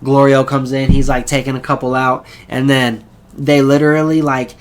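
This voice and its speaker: A man recapping an episode in a relaxed, rambling voice. He talks at an ordinary middle pitch and keeps slipping into quick character impressions before dropping back to plain chat. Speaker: anime reviewer.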